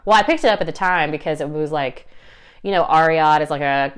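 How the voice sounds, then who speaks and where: A woman's voice: low-pitched, brisk, clear, resonant tone. A young woman with a Southern US accent, chatting casually to camera about her resale sales, upbeat and full of fillers and small laughs. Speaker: reseller vlogger.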